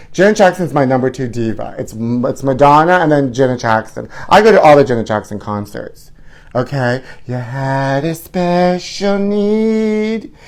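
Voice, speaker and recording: A man's voice: on the high side, darkish tone. A man hosting a live celebrity gossip show in a flamboyant, theatrical manner, calling his viewers honey. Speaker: host. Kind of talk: campy celebrity gossip chat.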